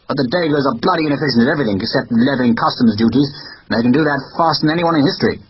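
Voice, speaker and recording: A man's voice: medium pitch, rapid-fire, slightly rough, close to an everyday voice. A man voicing a bad-tempered, overworked middle-aged merchant consul who grumbles and curses in a hard, clipped way. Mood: irritable. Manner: grumbling and cursing. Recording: dull lo-fi recording.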